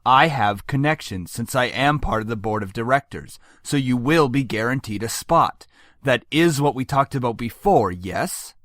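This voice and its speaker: A man's voice: mid-range voice, expressive, moderate pace, fairly bright tone, no echo, studio quality, close to an everyday voice. A man voicing a stern, controlling middle-aged father in a game, talking down in a cold, commanding way.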